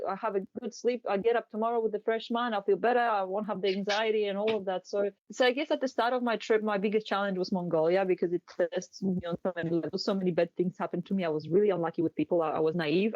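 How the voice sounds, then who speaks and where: A woman's voice: mid-range voice, darkish tone, dry recording. A woman in her forties from Poland with a Polish accent, whose first language is Polish, talking candidly and easily as a guest in an interview, with small slips in her English. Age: 40s. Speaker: podcast guest, motorcycle traveler. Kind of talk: casual interview talk. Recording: muffled dry recording.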